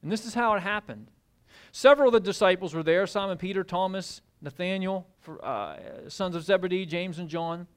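A man preaching a sermon, telling the story in an animated way and acting out the scenes. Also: sits high, normal speed, clear, resonant tone. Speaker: pastor.

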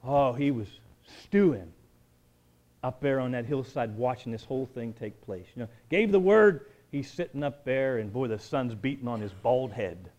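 A man as pastor, preaching a conversational sermon with joking asides and shifts between quiet talk and emphatic build-ups. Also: mid-range voice, moderate pace.

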